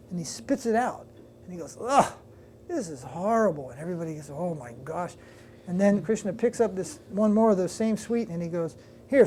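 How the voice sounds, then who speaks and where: A swami leads a devotional class in a lecture room, retelling a story loosely and conversationally, restarting sentences and turning aside to address his listeners. His voice is high and mellow, with slight background noise in the recording.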